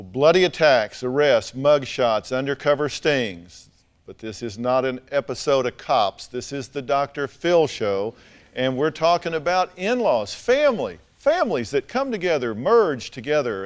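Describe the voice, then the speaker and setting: A man's voice: mid-range voice, clear, resonant tone. Blunt Southern man hosting a talk show. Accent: Southern American. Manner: blunt, pointed questions with dry humor. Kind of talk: confrontational interview questioning. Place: TV studio stage with audience.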